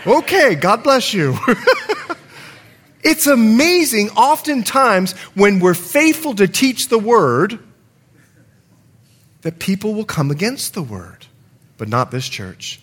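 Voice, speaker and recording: A man's voice: sits high, slow pace, long pauses. A middle-aged man preaching a sermon as pastor in a church, telling stories and acting out the people in them. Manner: animated storytelling with acted-out quotes.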